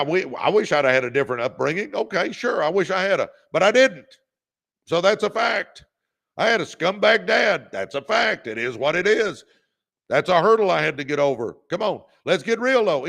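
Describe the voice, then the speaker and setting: A man's voice: high voice, vocal fry, fairly bright tone. A man hosting a motivational livestream, urging viewers on in a revved-up, preacher-like way. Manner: revved-up preacher-like exhortation, calls out viewers by name. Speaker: podcast host.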